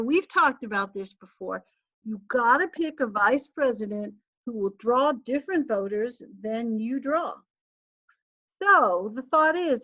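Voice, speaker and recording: A woman teacher talks her class through a lesson in a loose, joking way and laughs often. Her voice sits a bit high. The sound is dry and a little dull, like audio from a video call. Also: fairly bright tone, no room sound. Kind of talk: casual online class lecture.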